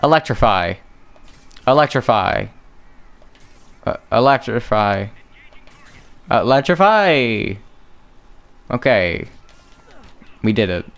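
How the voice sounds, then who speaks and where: A man's voice: fairly low pitch, slow, gravelly, pauses often, fairly bright tone, soft background music. A young man giving casual gameplay commentary, rambling on tangents and joking at his own expense. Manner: rambling, joking, self-mocking. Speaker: gaming streamer.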